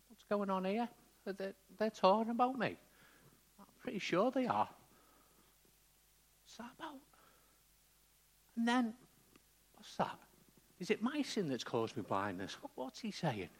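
A man's voice: high-pitched, voice pushed up, full character voice. A man voicing a bewildered, indignant blind male beggar who stammers through incredulous questions.

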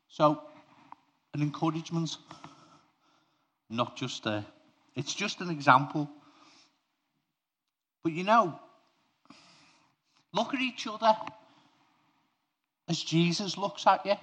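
A man's voice: on the high side, lively intonation, takes it slowly, long pauses, fairly bright tone. A man preaching an informal sermon to his congregation. He talks conversationally, speaks to them directly and tells personal stories.

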